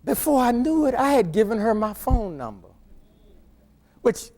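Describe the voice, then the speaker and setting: A man's voice: very high voice, very animated, normal speed, darkish tone. A middle-aged male pastor preaching by telling a humorous personal story in a conversational way, often stammering and restarting his words.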